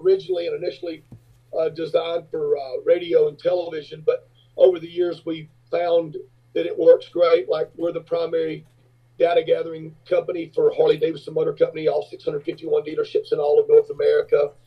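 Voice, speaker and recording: A man telling rock road stories in a casual interview, acting out other people's voices in a high pitch. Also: monotone, brisk, breathy edge. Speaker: rock singer and businessman, guest. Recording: dull lo-fi remote audio.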